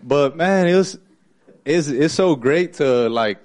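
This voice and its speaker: Man, low voice, casual group storytelling, animated. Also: slow. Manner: animated, acts out voices in his story, laughs often. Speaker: group participant sharing a story.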